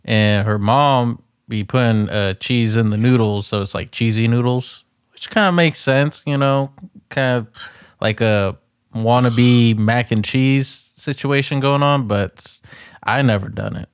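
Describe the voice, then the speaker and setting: A man's voice: mid-range voice, unhurried, clear, resonant tone, no echo. A man co-hosting a podcast, introducing the crew in laid-back casual chat with dry remarks. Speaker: podcast co-host.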